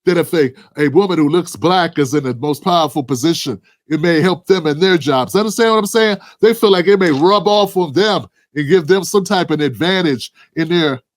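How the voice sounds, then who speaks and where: Speaking at a normal speed in a fairly high voice, a man preaches passionately about politics. He calls his co-host by name and keeps hitting him with rhetorical questions.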